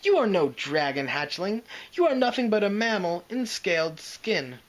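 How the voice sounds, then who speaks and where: A man's voice: high-pitched, big pitch swings, normal speed, pitched above the performer's own voice, poor audio. Man doing a scornful snarling green dragon. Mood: mocking. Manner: mocking, snarling, growling.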